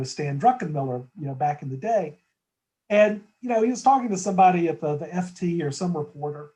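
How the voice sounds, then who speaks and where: A man's voice: a little high, dark tone, low-quality recording. A man as a guest in a conversational market discussion, talking thoughtfully with frequent restarts and tag questions.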